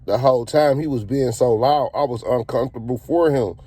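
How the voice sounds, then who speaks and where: A man's voice: medium pitch, a little fast, mellow, slightly rough. A man telling a casual story in a slangy, profane, laid-back way.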